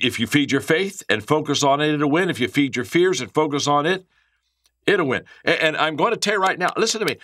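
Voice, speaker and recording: A man's voice: medium pitch, a bit bright, dry recording, studio quality. A man giving a motivational leadership talk, telling stories and acting out the characters' lines, often repeating words as he restarts. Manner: frequent word repeats and restarts. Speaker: leadership speaker.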